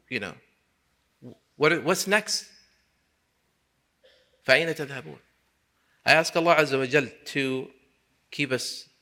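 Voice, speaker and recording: A man's voice: mid-range voice, bright, forceful tone. A man preaching a mosque sermon, impassioned and building to emphatic peaks, weaving in recited Quranic Arabic. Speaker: imam.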